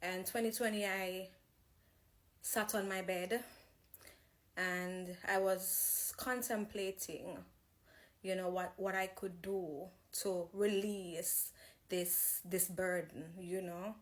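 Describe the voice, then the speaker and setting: Slow-speaking Jamaican woman giving a testimony. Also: fairly low pitch, steady tone. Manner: slow, reflective, with pauses and restarts. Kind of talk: personal faith testimony.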